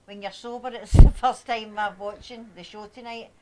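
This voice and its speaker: A woman's voice: fairly high pitch, steady tone, moderate pace, very noisy. An older Scottish woman co-hosting a live show, dropping dry, teasing asides into the casual chat.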